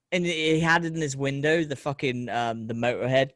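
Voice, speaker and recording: A man, middle-aged, hosting a casual chat and telling rambling, sweary stories with animated quoted voices. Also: mid-range voice, moderate pace, dry recording. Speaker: podcast host.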